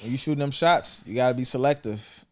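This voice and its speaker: A man's voice: medium pitch, quick pace. Young male co-host; easygoing, chuckles through his asides, talks straight to the listeners. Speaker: podcast co-host. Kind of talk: casual chat.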